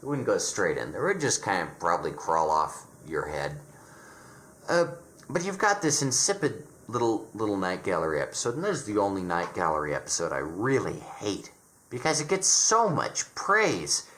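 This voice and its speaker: Sarcastic stammering man, lively pitch. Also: normal speed, reverberant, a little hiss or hum. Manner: sarcastic, dismissive, frequent stammered restarts. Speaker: horror reviewer. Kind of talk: opinionated casual review.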